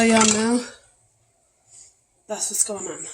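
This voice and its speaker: A woman's voice: fairly high pitch, unhurried. A woman chatting casually while she cooks dinner in her home kitchen, a bit out of breath. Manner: chatty, talks while cooking, uses "y'all". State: out of breath from back pain. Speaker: cooking vlogger. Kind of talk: casual cooking vlog narration. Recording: echoey kitchen with frying noise. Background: frying and sizzling.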